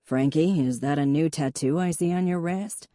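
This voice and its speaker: A woman voicing a calm, kind man who speaks low and easygoing. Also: normal speed, no room sound, studio quality, close to an everyday voice.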